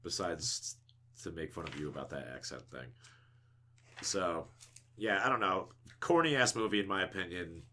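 A man's voice: deep voice, lively intonation, normal speed, long pauses, bright, forceful tone. A man co-hosting a casual podcast chat, swearing freely and laughing often. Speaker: podcast co-host.

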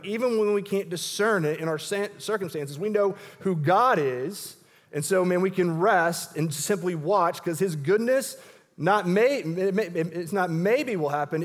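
Earnest preaching man, slightly high voice. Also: long reverb tail. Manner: earnest, conversational preaching with frequent restarts. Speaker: pastor. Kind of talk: sermon. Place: church sanctuary.

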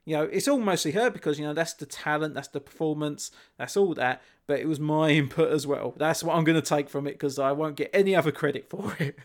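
A man's voice: on the high side, fairly quick. A man, co-hosting a casual chat and telling stories animatedly, swearing and laughing. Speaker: podcast co-host.

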